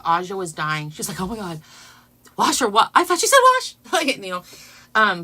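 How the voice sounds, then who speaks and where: A woman chats to her viewers on a casual livestream in a bright, forward voice. She is excitable and keeps breaking into laughter. Her talk is loose and gushing. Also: lowish voice. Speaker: channel host.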